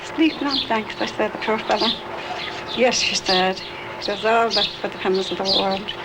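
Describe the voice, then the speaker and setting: On a noisy archive recording from the 1960s, an older Dublin woman reminisces at length about a neighbour, performing the quoted conversations in a chatty way. She speaks at normal speed in a mid-range voice.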